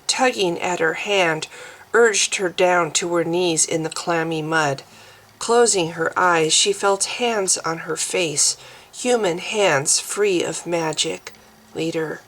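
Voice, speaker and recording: Slow, deliberate woman narrating a novel. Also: fairly low pitch, a bit bright, rough recording. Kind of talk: audiobook reading of her own novel.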